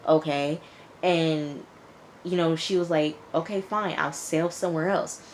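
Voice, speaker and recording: A woman casually recapping a TV episode, chatty and animated, acting out the characters' lines as she tells it. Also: deep voice, a little slow, a little hiss or hum. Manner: chatty, animated retelling with quoted dialogue. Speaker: TV show reviewer.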